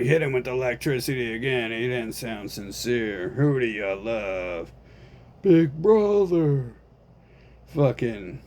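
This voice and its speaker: A man's voice: medium pitch, a little hiss or hum. A man delivering a rambling, profane, conspiratorial monologue straight to the camera.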